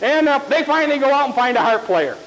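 Male preacher, very high voice, folksy animated storyteller. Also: fast, poor audio. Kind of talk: sermon.

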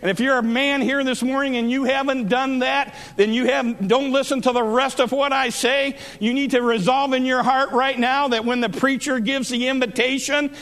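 A man's voice: extremely high pitch, a bit bright. A man preaching a sermon, telling a Bible story and acting out its speakers with rising emphasis.

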